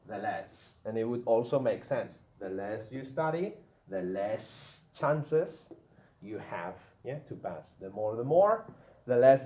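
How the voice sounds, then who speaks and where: A man teaching a grammar lesson to a classroom, often checking in with the students with "yeah?". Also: medium pitch. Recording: echoey room, tinny phone-like sound, faint noise.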